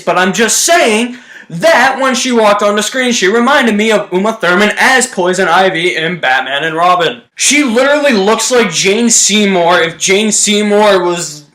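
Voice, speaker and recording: A man's voice: high-pitched, fairly bright tone, echoey room. A young man giving a casual, exasperated review rant about a TV show. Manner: ranting, exasperated, blunt.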